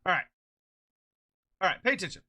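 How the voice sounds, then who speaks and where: A streamer chatting casually on a live stream, excitable and rambling, swearing freely and laughing often, short on sleep. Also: fairly quick. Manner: rambling with frequent restarts.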